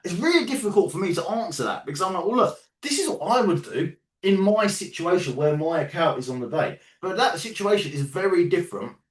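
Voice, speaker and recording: A man's voice: sits high, expressive, brisk, few pauses, reverberant, distant mic. A man with a London accent coaching a group of traders on a live call, casual, sometimes swearing, and checking in with "yeah?" and "right?". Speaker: trading coach.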